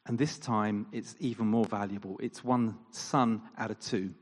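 A man preaching a sermon in an animated style, firing off rhetorical questions and acting out quoted lines. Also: fairly low pitch, a little slow. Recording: long reverb of a large hall.

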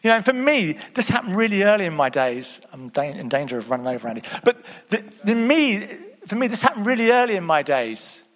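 With a sing-song, high, lifted voice, a male preacher runs a little fast and hardly pauses, talking to his congregation as friends would. His conversational sermon drops into near-whispered asides, then erupts into emphatic exclamations, calling out to listeners repeatedly. The large hall gives it a long, ringing reverb.

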